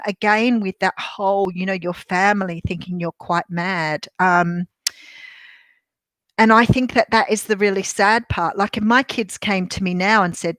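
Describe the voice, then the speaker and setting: An older Australian woman, a tarot reader and medium, chats casually on a live stream from a room in her home. Her mid-range voice has a fairly bright tone with no echo, and she rambles with lots of ums and restarts.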